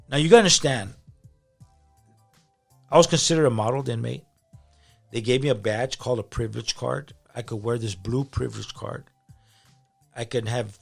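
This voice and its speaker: A pastor telling his story in a casual interview, animated and slangy as he talks. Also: mid-range voice, creaky. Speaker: pastor and podcast guest.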